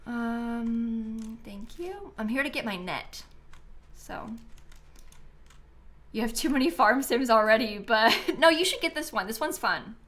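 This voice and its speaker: A woman game streamer chatting casually with her viewers as she plays, thinking aloud and often breaking into excited squeals and laughs. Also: a little high, unhurried, long pauses. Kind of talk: casual live-stream chat while playing.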